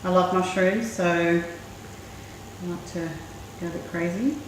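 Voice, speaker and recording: A woman hosting a cooking show, chatting in a relaxed way and thinking aloud as she works. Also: fairly low pitch, unhurried. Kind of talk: casual cooking demonstration. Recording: very echoey room, mic far off, faint noise.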